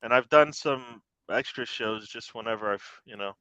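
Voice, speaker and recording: A man's voice: medium pitch, normal speed, pushed and bright, clean tone, dry recording, highs cut off. A man hosting a casual football fan show, talking in a laid-back way that trails off. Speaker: host. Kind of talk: casual banter.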